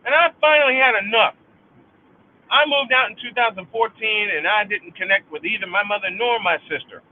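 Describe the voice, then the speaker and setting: A man's voice: sits high, fairly quick. A middle-aged man hosting a livestream, venting in an angry, profane monologue and repeating lines for emphasis. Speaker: livestream host. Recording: tinny phone-like sound.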